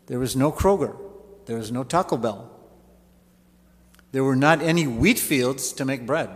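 A man's voice: medium pitch, in a large hall. A man preaching a sermon, telling stories with folksy asides. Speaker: pastor.

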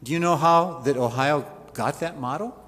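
Man, pastor, sermon, folksy storytelling, slightly high voice, long church reverb. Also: moderate pace, a bit bright. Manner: storytelling preacher with folksy asides.

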